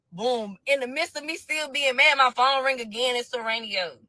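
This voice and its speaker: A woman telling a personal story to viewers in a blunt, profane storytime rant, swinging from low mutters to loud crying shouts. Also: normal speed, no echo, rough recording. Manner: profane, blunt street slang.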